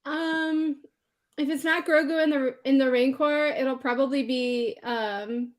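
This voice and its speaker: A woman co-hosting a casual livestream chat, amused and relaxed in manner. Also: high-pitched, measured pace. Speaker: co-host.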